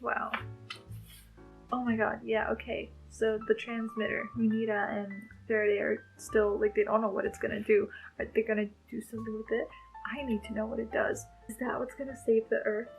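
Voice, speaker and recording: A woman book vlogger reacting aloud as she reads, emotional and gushing, thinking out loud. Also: a little high, flat delivery, normal speed, creaky, soft background music, low-quality recording. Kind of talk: casual book readalong reactions.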